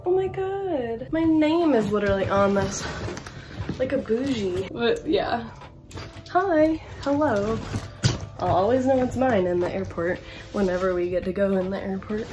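A 21-year-old woman chatting in an unboxing vlog, gushing and rambling with constant "like" and "literally.". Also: mid-range voice. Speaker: campus brand rep.

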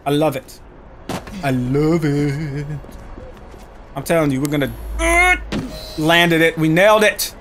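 Man, brash trash-talking game commentary, high lively voice, music behind. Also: takes it slowly, long pauses. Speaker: gaming YouTuber. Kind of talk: profane gameplay commentary.

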